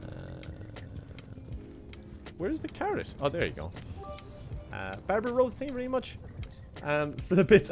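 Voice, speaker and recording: A man's voice: sits high, huge pitch swings, measured pace, vocal fry, pauses often, fairly bright tone, soft background music. Laid-back man chatting on stream. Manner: laughs often, reads out chat donations, rambling. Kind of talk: casual gaming livestream chat.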